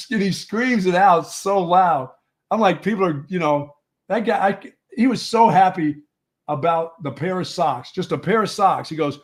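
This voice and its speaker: Rambling, storytelling radio host. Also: male voice, on the high side, normal speed. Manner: rambling storyteller, repeats and restarts words. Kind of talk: casual studio banter.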